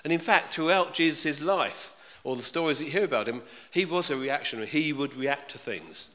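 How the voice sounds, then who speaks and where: A man with a slightly high, fairly bright voice preaches in a chatty, animated way, talking a little fast and often putting questions to his congregation. The recording has the echo of a reverberant hall.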